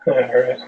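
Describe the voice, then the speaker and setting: A male aviation instructor lecturing an online class in a relaxed, loose way, with many fillers and restarts. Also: mid-range voice, a little hiss or hum, poor audio. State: out of breath.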